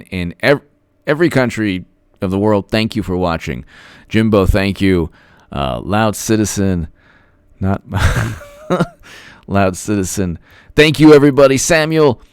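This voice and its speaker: A man's voice: on the low side, clean tone, no room sound, studio quality. A man hosting a political live stream, rambling and repeating himself with many fillers as he thanks viewers.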